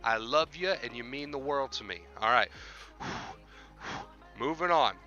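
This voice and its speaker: A man talks straight to his live-stream audience, earnest and heartfelt while still in grief. His voice is sharp and bright at a middling pitch, and he circles back on his own phrases. Faint music sits behind him. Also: animated, slow, muffled recording. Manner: earnest and heartfelt, repeats himself for emphasis. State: grieving. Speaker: YouTube live-streamer hosting a mental-health Q&A. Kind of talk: casual live-stream talk to viewers.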